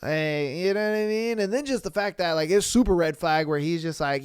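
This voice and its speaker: Slangy, animated male podcast host. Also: a little high, unhurried, smooth, dry recording, clean studio sound. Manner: animated, slangy, exclaims often. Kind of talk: casual reading and reacting to listener stories.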